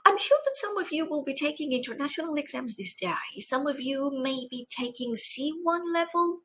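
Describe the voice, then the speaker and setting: A middle-aged woman teaching an English exam-prep lesson, expressive and playful with animated exclamations. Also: high-pitched, normal speed, a little hiss or hum, low-quality recording. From Spain.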